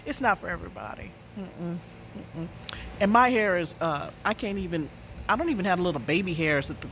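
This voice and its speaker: A woman's voice: on the low side, bright, forceful tone, a little hiss or hum. A woman, an author, telling a story casually and laughing through her own words.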